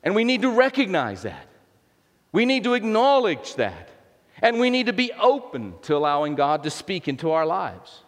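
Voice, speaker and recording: A man's voice: high voice, huge pitch swings, normal speed. A man preaching a sermon in a church, in a conversational style with many restarts and playful asides. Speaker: pastor. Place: church sanctuary. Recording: long reverb in a large hall.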